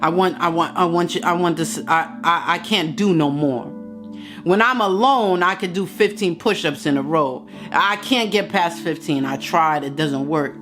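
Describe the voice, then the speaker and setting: A woman hosting a live stream, giving a fervent, faith-based pep talk while she works out, sweaty and winded, and building to excited outbursts. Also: lowish voice, normal speed, over music. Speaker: motivational live-stream host.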